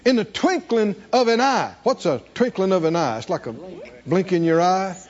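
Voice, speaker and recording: A man's voice: sits high, animated, moderate pace, dull audio. A man preaching a sermon, reading scripture and asking the congregation questions to answer back. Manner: call-and-response preaching, rhetorical questions, reading scripture aloud. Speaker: pastor.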